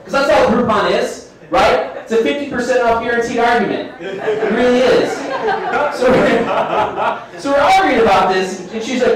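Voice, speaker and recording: A young male comedian works a bar crowd with a fairly high, self-deprecating patter. He is heard from a distance through a very echoey room, like a live set taped off the back wall. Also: lively intonation, normal speed, long pauses. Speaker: stand-up comedian. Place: bar stage with a live audience.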